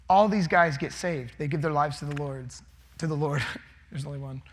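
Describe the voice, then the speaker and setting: A young man delivering a casual sermon, switching between reading scripture and lively asides where he acts out the characters. His voice is a touch high and husky. The sound carries a long reverb from a hall. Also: moderate pace. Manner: animated, acts out the figures. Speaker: preacher.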